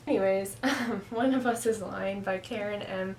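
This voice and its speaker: Casting: young adult woman, home vlogger, rambling, filler-heavy, mid pitch, faint background hum. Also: moderate pace. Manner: chatty, rambling, heavy use of "like". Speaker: book vlogger. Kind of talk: casual chat. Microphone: camera on a stand.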